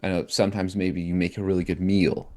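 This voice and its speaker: A man co-hosting a casual podcast, talking in an animated, reflective way. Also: deep voice, brisk. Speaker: podcast co-host.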